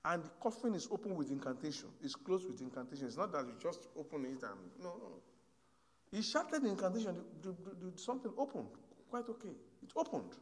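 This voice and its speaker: Male preacher, storytelling sermon, high lively delivery, long hall reverb. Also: a little fast. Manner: storytelling, swings from hushed to loud exhortation.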